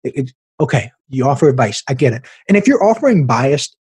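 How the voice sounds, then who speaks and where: A man hosting a podcast, giving blunt, animated business advice in a casual way and laughing at himself now and then. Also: mid-range voice, a little fast, slightly rough, no echo. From American Midwest. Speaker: podcast host, business coach.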